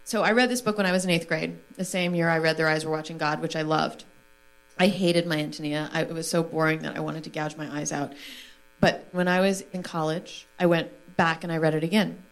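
A woman's voice: low voice, fairly even intonation, a little fast, low-quality recording. A woman in her forties, an author speaking candidly on a stage panel, laughing easily and reading a passage aloud with feeling. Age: 40s.

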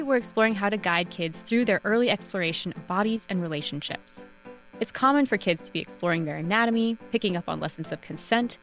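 A woman hosting a public radio talk show, reading a calm, measured introduction. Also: mid-range voice.

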